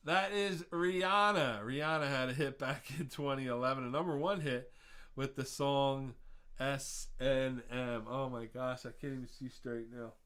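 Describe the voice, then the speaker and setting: A man with a slightly high, fairly bright voice hosts a live online trivia quiz. He's chatty, laughs at his own jokes, and drifts into rambling rants between answers.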